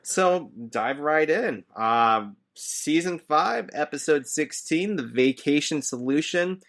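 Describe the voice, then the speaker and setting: A man who works as a teacher, hosting a podcast in casual, chatty recap talk, easygoing and quick to chuckle. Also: fairly high pitch, lively intonation, a bit bright. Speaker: podcast host.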